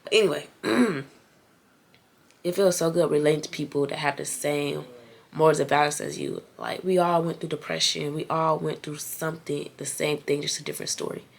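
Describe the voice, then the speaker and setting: A woman's voice: deep voice, steady tone, normal speed, gravelly. A young woman with a stuffy nose talking earnestly and casually to her viewers in a vlog. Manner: earnest, talks straight to viewers as y'all. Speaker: vlogger.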